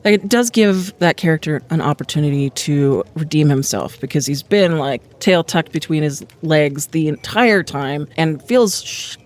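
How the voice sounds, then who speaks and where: A woman co-hosting a casual book discussion podcast, laying out her points in a measured, reasoned way. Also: low-pitched, animated. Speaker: podcast co-host.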